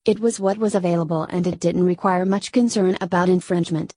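A woman's voice: lowish voice, fairly even intonation, a little fast, warm tone, husky, no echo. Woman narrating a novel in a dry, close sound. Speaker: audiobook narrator. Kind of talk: scripted narration.

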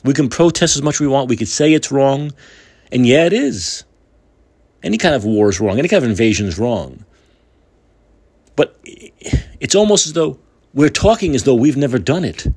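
A man's voice: mid-range voice, very animated, normal speed, long pauses, a little mellow, husky. A man hosting his own talk show, delivering heated, indignant political commentary with repeated phrases. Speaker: podcast host.

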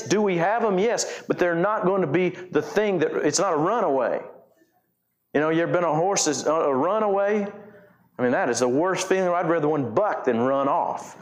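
A man's voice: high voice, normal speed. Middle-aged male preacher, casual country sermon, rambling, emphatic. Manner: folksy, rambling, self-correcting, emphatic. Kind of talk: informal sermon.

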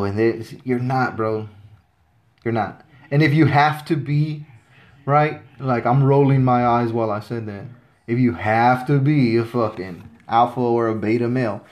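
A man in his thirties hosting a podcast, telling a story about his time in the service in a blunt, swaggering, heavily profane way. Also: medium pitch. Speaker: podcast host. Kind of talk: casual storytelling monologue.

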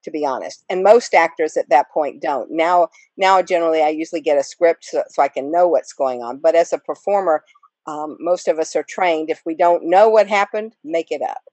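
A woman's voice: deep voice, normal speed, a little mellow, no echo. A woman actress guest talking casually in an interview, rambling with many fillers and small laughs.

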